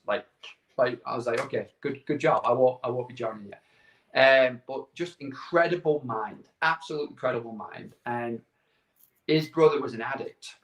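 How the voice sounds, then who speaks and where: Middle-aged guy rambling through stories, acts out the other voices, echoey room. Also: medium pitch. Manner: animated anecdotes with quoted dialogue, repeats words. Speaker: guest. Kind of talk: casual storytelling interview.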